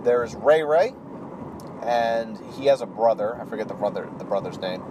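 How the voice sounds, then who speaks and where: A man's voice: on the low side, moderate pace, noisy background. A man casually recapping a role-play campaign as a channel host, talking offhand with many fillers and restarts.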